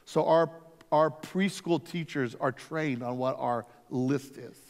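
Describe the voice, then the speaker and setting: A man, a lead pastor, teaching a conference workshop through energetic, emphatic stories. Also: on the high side, slow. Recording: long reverb from a hall.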